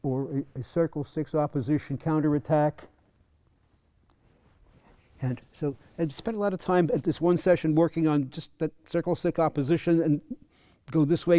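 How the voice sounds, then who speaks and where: Brief: male fencing coach at a clinic, mellow tone, fairly high voice, halting and repetitive. Dry sound. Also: no room sound. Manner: halting, repeats words, chuckles. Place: fencing center.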